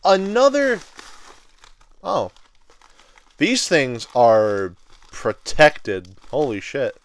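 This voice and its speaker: A man of twenty rambling excitedly with many fillers while unboxing collectible figures in a casual vlog. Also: mid-range voice, drawn-out words. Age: 20s. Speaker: toy reviewer.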